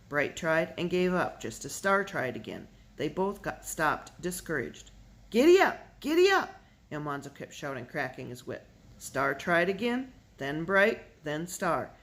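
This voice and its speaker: An audiobook reader telling a children's novel aloud in steady narration, lifting the voice for the dialogue. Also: mid-range voice.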